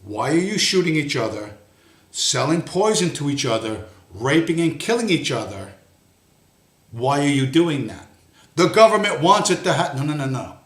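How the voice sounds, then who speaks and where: Swearing bluntly throughout, a livestream host delivers a furious, profane monologue. He speaks at normal speed in a fairly high voice with big pitch swings, and a roomy echo surrounds the recording.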